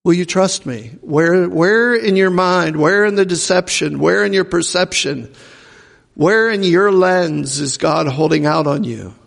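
A male pastor preaches with emphasis, stacking up rhetorical questions. His voice is gravelly and set somewhat high. Long reverb from a large hall trails behind him. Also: measured pace, a bit bright. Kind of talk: sermon.

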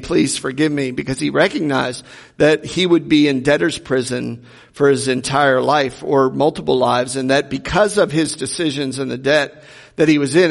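A man's voice: medium pitch, gravelly. A man preaching a sermon as a pastor, retelling a story earnestly and asking the congregation rhetorical questions. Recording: long reverb of a large hall.

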